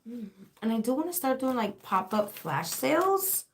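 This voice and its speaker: A woman's voice: fairly high pitch, big pitch swings, moderate pace, background noise. A woman with a sore, dry throat, hosting a casual livestream as a spiritual reader and shop owner, chatting in a rambling way with lots of fillers and laughs.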